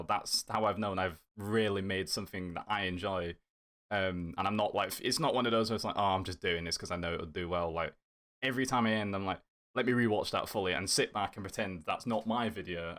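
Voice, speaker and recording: A man's voice: on the low side, a bit bright. A man talking as a guest on a casual podcast, rambling enthusiastically. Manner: enthusiastic, rambling, fillers and restarts. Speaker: podcast guest, content creator.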